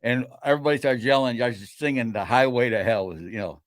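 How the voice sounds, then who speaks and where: Older man, rambling halting storyteller, middle pitch, dry close sound. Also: no room sound. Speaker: guest, host's father. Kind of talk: casual storytelling chat.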